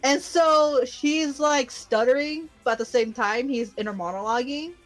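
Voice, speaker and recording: A woman's voice: high voice, normal speed, soft background music. A young woman co-hosting a casual podcast, retelling an anime episode with lots of giggles and fillers. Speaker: podcast co-host recapping an anime. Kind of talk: casual chat.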